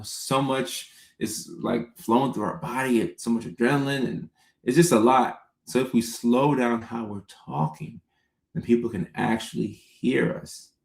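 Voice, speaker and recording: A man hosting a casual livestream, answering viewers' comments by name in an unhurried, conversational way. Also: medium pitch, creaky, echoey room. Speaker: comedian and livestream host answering chat.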